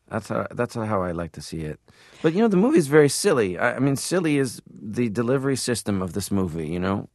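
A man from Canada, an interview guest, telling animated stories and slipping into impressions. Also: lowish voice, dry recording, studio quality. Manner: animated storyteller who drops into impressions. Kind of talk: interview talk.

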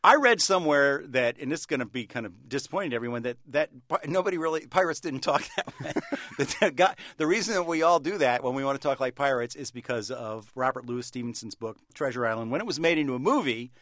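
A man being interviewed on radio about his book, joking wryly and deadpan, with halting restarts. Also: medium pitch, dry recording, clean studio sound. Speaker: author guest.

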